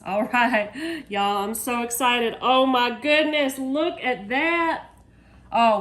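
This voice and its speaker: A woman, showing desserts in her home kitchen in a chatty, excitable way, talking to viewers. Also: high-pitched. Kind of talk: casual cooking video. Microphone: phone.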